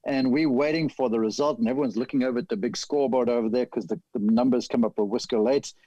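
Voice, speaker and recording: Man, golf analyst, animated storyteller, mellow tone, dry sound. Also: mid-range voice, fast talker, no echo, muffled recording. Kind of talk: casual podcast chat.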